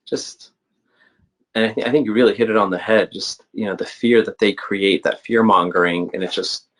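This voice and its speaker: A man's voice: lowish voice, fairly even intonation, normal speed, a bit bright. A man hosting an interview, answering his guest in a reflective, affirming way. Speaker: interview host. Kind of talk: casual interview talk.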